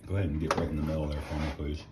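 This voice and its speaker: Low-voiced man tasting ribs on camera. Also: very fast, heavy background noise. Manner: relaxed, talks while tasting food. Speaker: cooking channel host. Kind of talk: casual cooking demonstration.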